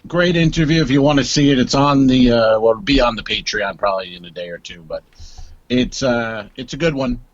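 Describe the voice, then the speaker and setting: Male comedy podcast co-host, sarcastic and teasing, middling pitch, dull lo-fi line. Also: brisk. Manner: teasing, sarcastic, laughs often. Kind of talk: casual comedic banter.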